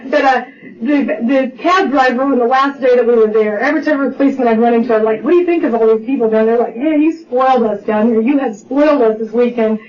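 Heard through distant, dull lo-fi audio with faint noise, a middle-aged woman tells her recovery story fast, her voice on the high side and a little mellow. Her testimony is heartfelt, full of acted-out dialogue and restarts.

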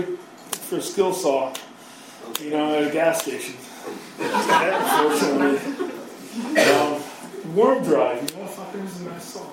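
A man's voice: a little high, slight background noise. A man in his thirties telling his recovery story in a rambling, profane, self-mocking way. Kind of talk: personal storytelling. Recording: very echoey hall, from far off.

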